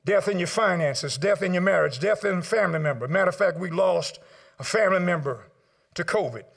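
An older man preaching a sermon to a congregation in a rhythmic call-and-response style, swinging between loud sung exclamations and low murmured asides. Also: brisk, gravelly. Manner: addresses congregation directly, asks them to write down points.

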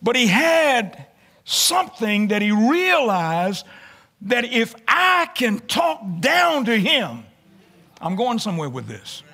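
A man preaching a sermon in church, emphatic, building to shouted lines and repeating his phrases. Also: extremely high pitch, very animated, slow.

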